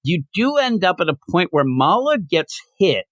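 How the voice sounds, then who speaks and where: A man in casual chat, retelling a comic book's plot and now and then acting out the characters' lines with big jumps in pitch. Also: normal speed, no room sound. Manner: animated, acts out quotes with big pitch jumps. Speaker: comic book reviewer, co-host.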